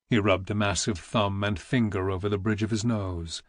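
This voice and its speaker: A man narrating a historical novel in a measured, even storytelling voice into a close studio mic. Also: on the low side, dry recording. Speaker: audiobook narrator. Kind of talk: scripted narration.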